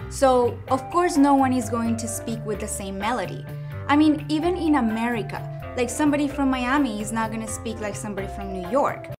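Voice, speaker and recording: A woman's voice: fairly high pitch, a little fast. Colombian-accented woman over background music. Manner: candid, earnest storytelling. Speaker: actress and producer, guest. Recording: music playing under the voice.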